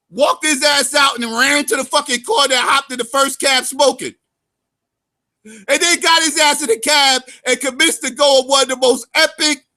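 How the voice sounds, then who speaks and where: A YouTube commentator tells a story while cursing heavily and calling his viewers family. He swings between loud outbursts and low mutters.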